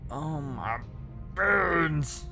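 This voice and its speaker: A man streaming a game live, muttering to himself with frustrated sighs and sudden loud outbursts. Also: on the high side, animated, extremely slow, creaky, over music. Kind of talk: live gameplay commentary.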